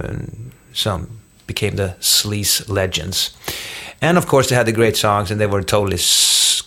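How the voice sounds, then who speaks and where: A man's voice: fairly low pitch, gravelly, a bit bright. A middle-aged man with a Swedish accent, a rock musician guest telling stories in a casual interview, rambling along with many fillers and restarts. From Sweden.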